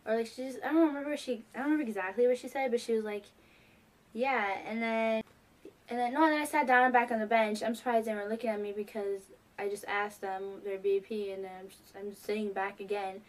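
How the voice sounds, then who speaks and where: Young woman, high voice, excitable, lots of "like", casual chat. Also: quick pace. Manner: excitable, heavy use of "like". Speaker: fan vlogger. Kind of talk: casual storytelling.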